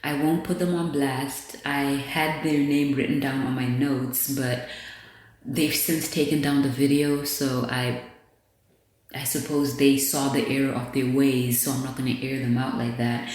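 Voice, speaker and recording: A woman's voice: rumbling low, flat delivery, unhurried, a little mellow. A woman hosting a podcast, talking bluntly and candidly in a casual monologue, with plenty of swearing. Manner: candid, blunt, profane commentary. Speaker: podcast host. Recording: very echoey room.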